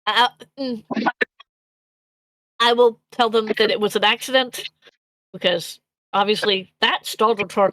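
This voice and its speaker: A woman's voice: mid-range voice, fairly even intonation, unhurried, pauses often, a bit bright, no echo, low-quality recording. A woman playing a tabletop role-playing game over voice chat, describing her character's actions with many fillers and restarts. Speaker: player.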